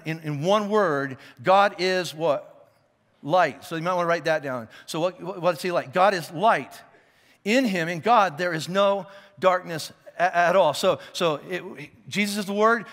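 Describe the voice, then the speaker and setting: Pastor with a higher voice, hall reverb. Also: male voice, a bit bright. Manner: conversational, checks in with listeners; repeats and restarts words as he thinks. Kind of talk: sermon. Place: church auditorium.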